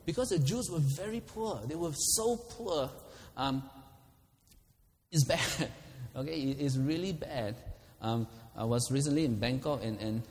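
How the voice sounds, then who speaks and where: A man's voice: mid-range voice, a little mellow, in a large hall, a little hiss or hum. A man preaching a sermon, laughing often and acting out quoted prayers.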